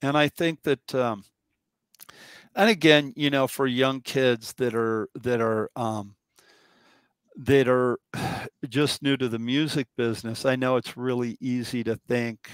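A man's voice: mid-range voice, a little slow, no echo. A man hosting a casual conversation, telling stories with lots of restarts and asides. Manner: rambling, animated storyteller with many restarts. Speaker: podcast host.

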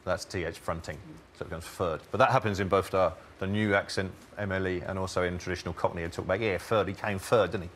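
A man's voice: sits low, fairly even intonation, quick pace, fairly bright tone, a little hiss or hum. A man, a studio guest, chatting and explaining things with jokes and asides. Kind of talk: casual studio chat.

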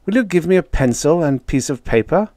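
A man plays a mild, earnest genius who talks politely and a touch apologetically. The voice sits higher than the reader's own and moves around a lot in pitch, in a dry, close recording. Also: lively intonation, brisk, warm tone, dry recording, natural voice.

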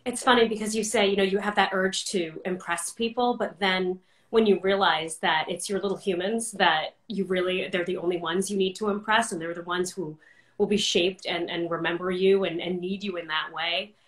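A woman's voice: fairly low pitch, steady tone, normal speed, echoey room. A woman hosting an interview podcast, speaking in a reflective, encouraging way. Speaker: podcast host. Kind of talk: casual interview chat.

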